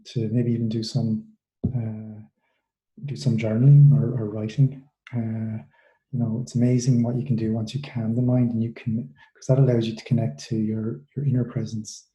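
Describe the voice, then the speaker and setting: A man guides a relaxation meditation in a very dark, mellow voice that barely rises or falls. He gives soft instructions slowly, with long pauses between them, and the room sounds echoey. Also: medium pitch. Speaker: mindfulness coach for students.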